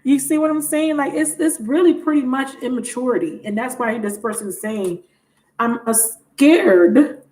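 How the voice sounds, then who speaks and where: A woman's voice: high voice, a little fast, hardly any pauses, darkish tone. Chatty tarot reader woman. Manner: chatty, frank, laughs often. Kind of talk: casual tarot reading livestream.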